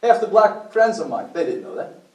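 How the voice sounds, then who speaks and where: A high-voiced speaker at a health meeting lectures a group in a blunt, preachy way, posing questions to his listeners with a sing-song, fairly quick delivery. He sounds distant in an echoey meeting room, and the highs are cut off.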